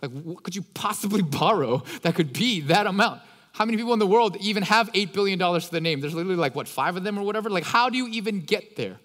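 A man's voice: high-pitched, animated, fast talker, a bit bright, long reverb tail. A man preaching a sermon as a pastor, retelling a parable in a casual, slangy, conversational way.

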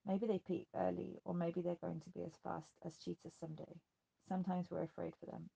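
A reader voicing a blunt, steady woman. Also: fairly low pitch, brisk, gravelly, breathy edge, exaggerated voice. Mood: wry. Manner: blunt and calm. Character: steady, blunt woman, protective mother figure.

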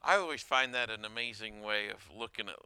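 A man preaching a sermon as a pastor, telling anecdotes in a conversational, animated way. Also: lowish voice, a little fast, clear, resonant tone, no room sound. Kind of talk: sermon with storytelling.

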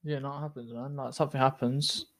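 A man's voice: mid-range voice, flat delivery, fast talker, a bit bright, dry recording, clean studio sound. A young man co-hosting a podcast, bantering casually, laughing often and swearing freely. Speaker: podcast co-host.

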